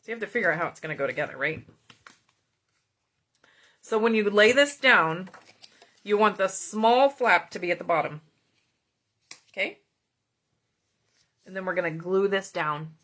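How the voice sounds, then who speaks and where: A woman's voice: medium pitch, expressive, moderate pace, long pauses, fairly bright tone. A middle-aged woman hosting a card-making tutorial, chatting casually with viewers and greeting commenters by name as she works. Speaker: card-making video host.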